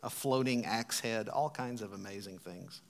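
A man preaching a sermon as a pastor, retelling a scripture story expressively, swinging from loud emphasis to hushed tones. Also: fairly low pitch, normal speed, vocal fry.

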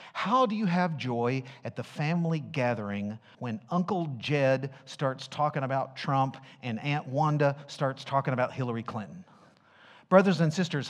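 A man preaching a sermon as pastor, emphatic, asking the congregation questions and dropping at times to a hushed voice. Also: fairly high pitch.

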